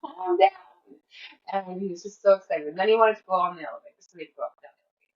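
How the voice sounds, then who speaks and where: A woman's voice: fairly low pitch, rapid-fire, highs cut off. A woman in her thirties, a podcast host, talking through her day in a rambling, casual diary style with lots of fillers. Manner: rambling, chatty, with frequent fillers and laughs. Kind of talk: casual personal diary monologue.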